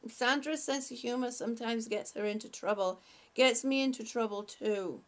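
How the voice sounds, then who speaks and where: A woman's voice: a little high, moderate pace. A woman hosting a casual live stream, chatting and laughing often as she greets viewers by name. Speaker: livestream host.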